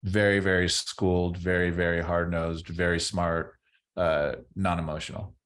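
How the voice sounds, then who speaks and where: Deep-voiced man, rambling and repetitive. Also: little pitch movement, normal speed, a bit bright. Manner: rambling, repeats words and restarts often. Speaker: podcast guest, former baseball player. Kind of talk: casual interview chat.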